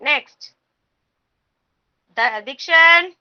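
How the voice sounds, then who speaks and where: A woman teaching a kindergarten class over a video call, patient and slow, repeating each word for the children. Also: extremely high pitch, sharp tone, dry recording.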